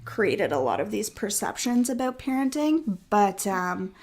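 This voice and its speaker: A young adult woman guest on a podcast in casual chat, speaking in a measured way with many "uh" and "um" pauses. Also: mid-range voice, sing-song, a little mellow. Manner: measured, fillers like "uh" and "um", dry agreement.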